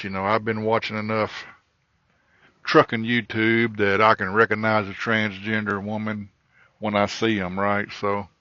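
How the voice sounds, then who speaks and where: A trucker hosting a podcast tells a crude comedic story from his truck cab, rambling and swearing, and getting animated in the quoted parts. His voice sits on the low side. The recording is dull, lo-fi and dry, with no echo.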